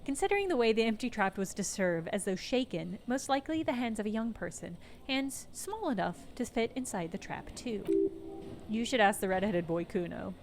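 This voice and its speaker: A woman's voice: medium pitch, animated, moderate pace, a little mellow, a little hiss or hum. A woman streaming a video game, reading the narration aloud and mixing in playful comments as she thinks aloud.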